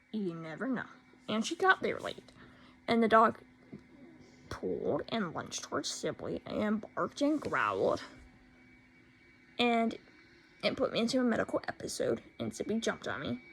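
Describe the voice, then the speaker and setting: Indignant teen girl with a gravelly voice. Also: medium pitch, a little hiss or hum, low-quality recording. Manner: indignant, sarcastic, repeats herself for emphasis. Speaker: vlogger. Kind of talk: storytime rant.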